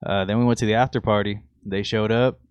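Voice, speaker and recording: A man's voice: fairly low pitch, fast, clear, resonant tone, no room sound, dull audio. Laid-back young man on a close, dry mic. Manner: relaxed storytelling, laughs easily. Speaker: podcast co-host. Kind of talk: casual chat.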